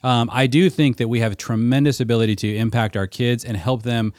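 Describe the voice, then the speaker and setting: A man's voice: medium pitch, fairly even intonation, a little fast, darkish tone, dry recording, studio quality. A man co-hosting a podcast, explaining at length in an earnest, casual discussion. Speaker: podcast co-host and mentor.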